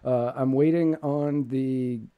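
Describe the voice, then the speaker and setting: A man hosting a podcast in casual chat, talkative and quick to laugh. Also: mid-range voice, fairly even intonation, clean tone, narrow, tinny audio. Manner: chatty, laughs often. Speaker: podcast host.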